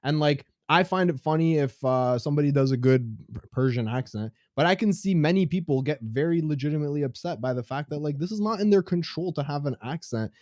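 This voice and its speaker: A man's voice: on the high side, lively intonation, darkish tone, no room sound, clean studio sound. A man making a careful, hedged point in an online debate. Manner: measured, hedging with fillers. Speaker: debate participant.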